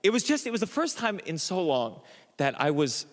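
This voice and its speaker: A man's voice: sits high, big pitch swings, normal speed. Guy on stage doing stand-up, jittery self-mocking, lots of i-i-i restarts, echoey hall. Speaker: stand-up comedian. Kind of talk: stand-up storytelling. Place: comedy stage.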